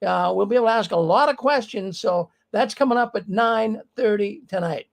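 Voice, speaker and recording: Male livestream host, casual emphatic commentary, fry in the voice. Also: high-pitched, moderate pace, low-quality recording. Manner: emphatic, talks straight to the viewers. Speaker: livestream news show host. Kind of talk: casual live commentary on news.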